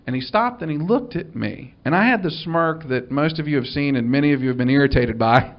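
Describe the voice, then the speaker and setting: A man's voice: on the high side, fairly quick, hardly any pauses, muffled recording. Wry man telling a story. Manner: dry, wry delivery with acted-out dialogue. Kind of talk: storytelling before an audience.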